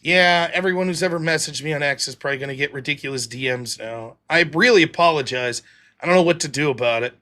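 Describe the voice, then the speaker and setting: A man with a high, bright voice talks loosely on a livestream, sarcastic and quick to swear. He rambles between thoughts and reads out viewer donations. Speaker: show host. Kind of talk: livestream chat reading donations.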